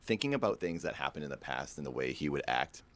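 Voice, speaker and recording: A man recounting a personal story for his vlog, somber and earnest throughout. His voice is extremely deep, sitting far lower than most men's. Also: expressive, fast, a bit bright. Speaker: vlogger telling a personal story.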